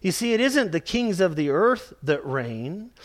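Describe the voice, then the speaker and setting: A man preaching a sermon, slow and emphatic, repeating key phrases and calling his listeners "beloved". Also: sits high, very animated.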